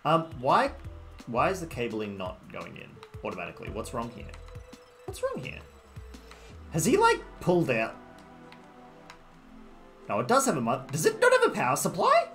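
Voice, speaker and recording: Aussie guy streaming a game, bright voice, chats with viewers, quiet music behind. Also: medium pitch, huge pitch swings, moderate pace, long pauses. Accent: Australian. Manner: rambling, greets and answers chat. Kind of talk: casual live-stream chat. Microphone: desktop microphone. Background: faint background music.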